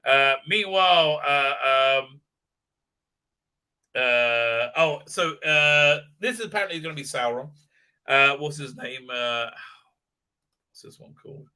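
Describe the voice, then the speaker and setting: A man hosting a live stream, ranting profanely and mocking characters in squeaky put-on voices. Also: lively intonation, takes it slowly, pauses often, pushed and bright, clean tone. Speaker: show host.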